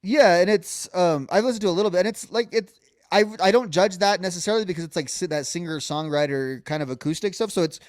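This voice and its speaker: A man chatting on a podcast, voice sitting a little high for a man. He rambles, restarts his sentences and fills gaps with "like" and "um." The recording is dry and close, with no room sound. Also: quick pace, dry recording. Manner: rambling, many restarts and fillers, hums melodies. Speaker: podcast co-host. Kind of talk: casual music discussion.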